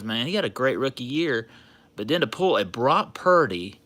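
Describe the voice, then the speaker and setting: A man hosting a sports card livestream, chatting casually and getting loudly excited over his pulls. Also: medium pitch. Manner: excitable, hollering and laughing over a big pull.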